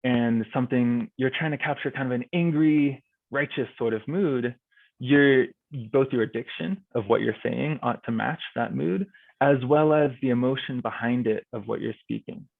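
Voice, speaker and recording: A young man with a gravelly, mid-range voice casually explains speech and debate judging to a virtual club, leaning on "like" and "kinda." He speaks at a moderate pace with no room sound, though the video call audio is thin and phone-like.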